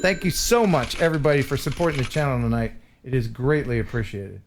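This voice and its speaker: A man's voice: mid-range voice, fast talker, a little hiss or hum. A man from the United States hosting a casual live stream, joking and reading viewers' chat messages aloud. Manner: jokey, teasing, reads chat messages aloud. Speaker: host.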